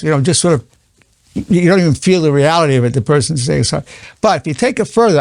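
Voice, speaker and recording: A man's voice: fairly high pitch, lively intonation, fast talker, creaky, darkish tone, no room sound, studio quality. A man in his eighties, a psychologist giving an earnest spoken lesson, repeating key phrases with stammering restarts. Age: 80s.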